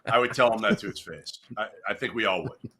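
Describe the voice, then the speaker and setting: Bright-voiced chatty sports interviewer, a man. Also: on the low side, fairly quick. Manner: chatty, joking banter.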